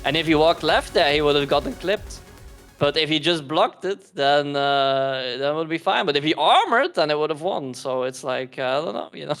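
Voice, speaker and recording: A man with a somewhat high voice talks through a fighting game tournament in a loose, rambling way. He is often sarcastic and laughs between points. Faint music plays underneath. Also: lively intonation, normal speed, a bit bright. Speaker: tournament commentator. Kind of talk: casual esports commentary.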